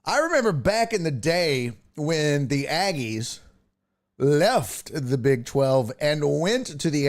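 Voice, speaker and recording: A Texas-based host of a casual live-streamed sports talk show, this man has a fairly high voice. He keeps things loose and animated, reading viewer comments out loud and ribbing rival fans.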